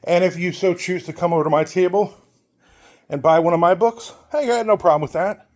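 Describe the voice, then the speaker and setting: A man's voice: high-pitched, brisk, darkish tone. Blunt, rambling middle-aged man. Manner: blunt, rambling, acts out quoted people. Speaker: author and channel host. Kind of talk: casual opinion monologue while walking.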